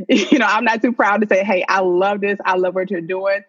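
A woman's voice: mid-range voice, steady tone, normal speed, fairly bright tone, slightly rough. A woman co-hosting a relationship podcast, talking conversationally with many fillers and frequent laughs. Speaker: podcast co-host. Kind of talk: casual podcast chat. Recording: dull lo-fi sound.

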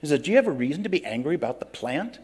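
A man's voice: on the high side, very animated, racing, darkish tone, slightly rough. An actor playing a grumpy biblical prophet who complains a lot, telling his own story in first person in an interview, plain-spoken and earnest. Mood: storytelling. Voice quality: earnest, plain-spoken, breaks into pleading outbursts. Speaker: interviewee in character.

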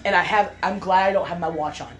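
A young woman casually telling a story, animated and laughing, acting out the voices of others. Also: on the low side, quick pace, poor audio.

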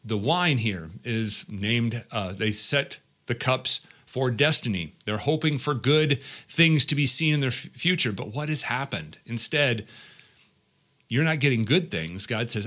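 A man's voice: medium pitch, animated, measured pace, pushed and bright. A middle-aged pastor teaching a Bible passage verse by verse, often repeating his words as he explains.

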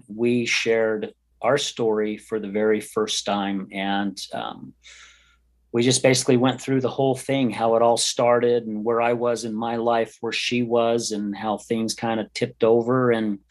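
A man's voice: medium pitch, steady tone, unhurried. A man who hosts a podcast, earnestly telling a personal story in an interview, rambling and acting out remembered conversations. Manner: earnest, rambling, acts out quoted dialogue. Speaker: podcast host and guest.

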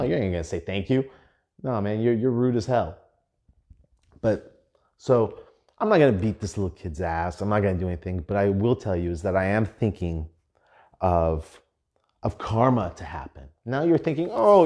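A man hosting a podcast, telling casual stories in an animated, profane way with lots of fillers. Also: low-pitched. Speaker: podcast host. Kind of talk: casual storytelling.

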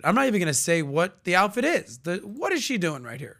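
A man hosting a podcast, telling stories in casual chat and acting out the people he quotes in loud, high voices. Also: big pitch swings, a little fast. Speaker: podcast host.

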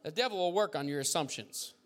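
A man preaching a sermon as pastor, fiery and loud at peaks, with folksy jokes and asides. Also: fairly high pitch, lively intonation, quick pace, faint music behind. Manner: fiery preaching, bursts into shouts.

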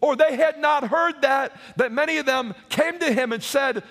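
High-voiced man preaching in a reverberant hall. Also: animated, moderate pace, few pauses. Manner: emphatic preaching, rising to shouts on key points; repeats words and asks the audience "Hello?". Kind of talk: sermon.

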